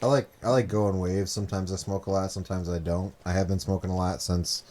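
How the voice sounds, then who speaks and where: A man's voice: low-pitched, fairly even intonation, fast talker, a little mellow. A man co-hosting a casual podcast, laid-back, joking and swearing freely. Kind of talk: casual chat.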